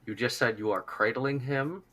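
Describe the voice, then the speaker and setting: A man's voice: mid-range voice, normal speed, a bit bright. A man casually playing a tabletop role-playing game, wry and self-deprecating. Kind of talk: casual tabletop play over voice chat.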